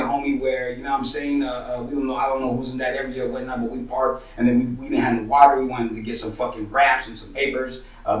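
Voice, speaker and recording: A man rattles off a street story at a quick clip, cursing freely and dropping slang fillers every few words. His voice sounds roomy and a little distant, as if the mic sits some way off in an echoing room. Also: medium pitch, darkish tone. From San Jose, Northern California. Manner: profane, slangy, sprinkles "money" and "you know what I'm saying". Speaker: rapper telling his own stories.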